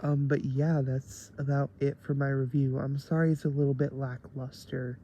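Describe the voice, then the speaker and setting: A man's voice: medium pitch, level tone, normal speed, warm tone, a little hiss or hum. A man giving a rambling casual review of a TV episode, tired late at night and full of fillers.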